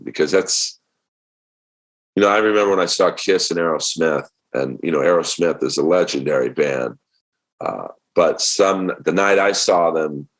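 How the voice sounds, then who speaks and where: A middle-aged man with an extremely low, deep voice tells comedy stories on a podcast. He talks casually and acts out the other people's lines with lively energy. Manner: animated storyteller acting out quotes. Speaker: comedian guest.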